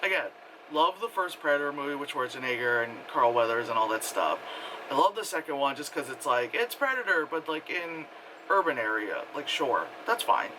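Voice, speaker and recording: A man giving a casual spoken movie review, rambling and excitable, full of fillers and acted-out quotes. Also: a little high, normal speed, noisy background.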